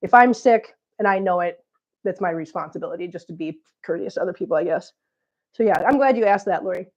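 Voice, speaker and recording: A woman's voice: lowish voice, fast, darkish tone, dull audio. A middle-aged woman, sick and coughing, chatting casually and rambling with viewers on her live stream. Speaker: vlog host reading live chat.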